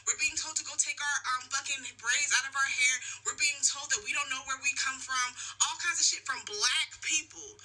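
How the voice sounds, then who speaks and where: A woman's voice: high-pitched, fairly quick, hardly any pauses, pushed and bright, low-quality recording. A woman from the United States, a content creator, talking to camera with indignant, emphatic rhetorical questions. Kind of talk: casual commentary to camera.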